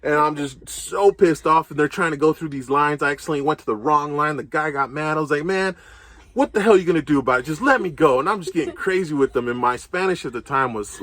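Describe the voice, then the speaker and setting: A young man casually telling a story, animated, laughing, and swearing freely as he goes. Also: fairly high pitch, brisk, no echo. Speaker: co-host.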